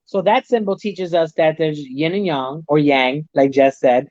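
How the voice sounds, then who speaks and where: A Chinese medicine practitioner appears as a guest on a talk show, speaking casually in a somewhat high, darkish voice at an unhurried pace. He explains ideas at length, circling back and restarting sentences. The recording is dry and a little dull.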